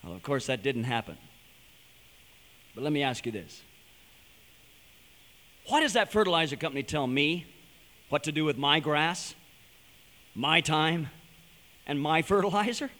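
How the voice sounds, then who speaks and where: High-voiced, bright man preaching in a hall. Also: a little slow, pauses often. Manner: animated storyteller, builds to emphatic points. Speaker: speaker addressing a young audience. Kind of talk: storytelling sermon-style talk. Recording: long hall reverb.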